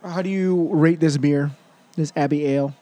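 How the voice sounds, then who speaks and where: A man co-hosting a casual beer review chat, opinionated and quick to laugh. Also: fairly high pitch, fairly even intonation, mellow. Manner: chatty, opinionated, laughs often.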